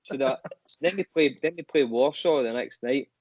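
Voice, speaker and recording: A young man, a guest musician, telling animated anecdotes in casual chat and swearing casually. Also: medium pitch, moderate pace, low-quality recording.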